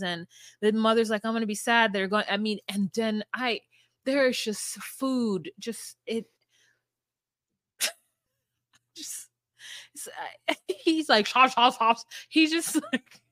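A woman co-hosting a podcast, chatting casually with quick asides and frequent agreeing. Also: on the high side, dry recording, studio quality. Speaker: podcast co-host. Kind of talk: casual recap chat.

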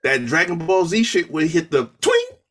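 A man co-hosting a podcast, talking wrestling in an excitable, slangy way with lots of laughter. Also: on the high side, normal speed. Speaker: podcast co-host. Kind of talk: casual wrestling chat.

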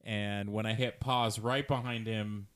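A man's voice: on the low side, steady tone, a little slow, a bit bright, clear, resonant tone. A man co-hosting a podcast, chatting casually and dropping dry, wry remarks. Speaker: podcast co-host. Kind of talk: casual chat recapping a TV show.

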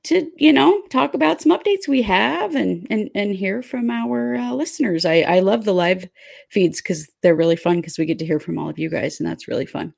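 A woman's voice: medium pitch, moderate pace, vocal fry, a little mellow. An American woman co-hosting a live podcast stream, upbeat and rambling, often repeating words as she talks. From United States. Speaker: podcast co-host. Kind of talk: casual live-stream chat.

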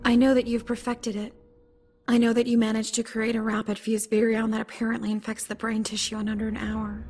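A man voicing an earnest young woman scientist in an audiobook, talking fast and deadly serious. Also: sits high, completely flat delivery, a little mellow, slight background noise, voice pushed up. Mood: urgent.

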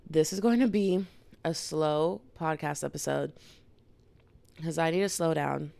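A woman's voice: deep voice, measured pace, gravelly, pauses often, over loud music. A woman in her twenties hosting a solo podcast, talking candidly and rambling in casual slang, her throat dry and irritated. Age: 20s. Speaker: podcast host.

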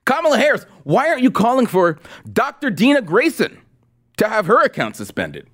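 Sarcastic man with a lively high voice. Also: brisk. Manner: sarcastic, mocking. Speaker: host. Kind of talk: political commentary with a sponsor read.

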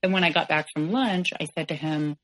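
A woman with a low, deep voice recounts her own past in a podcast interview. She speaks frankly and haltingly, trailing into fillers and restarting her sentences. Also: a bit bright, poor audio. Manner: frank, halting, with many "like"s and self-corrections. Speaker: podcast guest. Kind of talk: candid personal storytelling.

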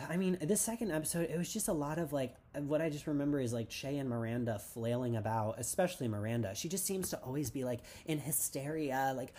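A man's voice: fairly high pitch, fairly quick, hardly any pauses, warm tone. A man hosting a casual TV recap podcast, rambling and sarcastic with lots of "like". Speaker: podcast host.

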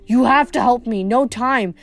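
A woman doing a high, jittery young satyr. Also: moderate pace, soft background music, close to an everyday voice. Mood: pleading, frantic. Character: frightened young male satyr in a bridal gown.

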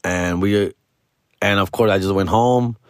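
A man's voice: lowish voice, a little slow, no room sound, clean studio sound. A middle-aged man casually telling a story on a podcast, full of slang and Spanish words mixed into his English. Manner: slangy, mixes Spanish into English, calls listener fool and dog.

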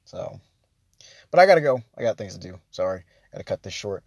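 A man's voice: fairly low pitch, very animated, a little fast, vocal fry, a little mellow, no echo, highs cut off. A young man hosting a casual solo podcast, rambling with many fillers and restarts, chuckling between thoughts. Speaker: podcast host.

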